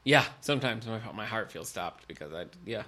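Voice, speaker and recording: Fast, bright-voiced sarcastic man. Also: fairly low pitch, animated. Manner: dry, sarcastic quips. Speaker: podcast co-host. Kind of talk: casual chat.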